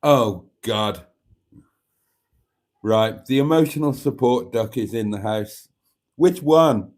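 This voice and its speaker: A man's voice: medium pitch, expressive, takes it slowly, darkish tone. Male live-stream host, casual and chatty, reads comments aloud.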